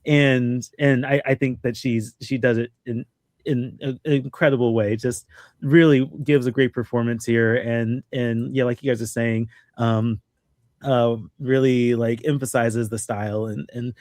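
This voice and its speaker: A man's voice: medium pitch, fairly even intonation, measured pace, darkish tone, no echo, clean studio sound. A man hosting a casual film podcast, hesitant and full of ums and restarts as he steers the talk. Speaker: podcast host.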